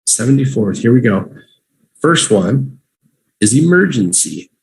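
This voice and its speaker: A man teaching English vocabulary on a livestream, repeating each word slowly for learners to say with him. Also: medium pitch, sing-song, gravelly, a little hiss or hum. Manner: slow, drawn-out repetition for learners.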